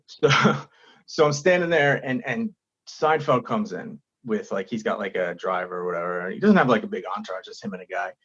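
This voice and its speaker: A man with a slightly husky, breathy voice tells an animated story, slipping into quick impressions of the people in it. The sound is a bit dull and lo-fi, as if recorded on a modest setup. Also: on the low side. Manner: animated storytelling, acts out quotes. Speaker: stand-up comedian, guest. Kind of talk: casual podcast chat.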